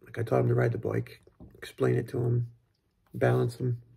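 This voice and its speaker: A man with a deeply gravelly, raspy voice and a dark, mellow tone talks through parenting in a casual monologue. He rambles thoughtfully, with plenty of fillers and restarts. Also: completely flat delivery, normal speed. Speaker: father sharing parenting tips.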